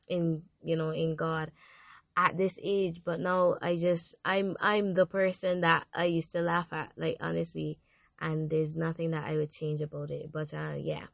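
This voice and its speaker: A teenage girl hosting her own podcast, earnestly and repeatedly thanking her listeners, her voice going hoarse. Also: fairly low pitch, dry recording. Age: teens. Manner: earnest and repetitive, gushing thanks. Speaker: podcast host. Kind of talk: casual faith podcast monologue.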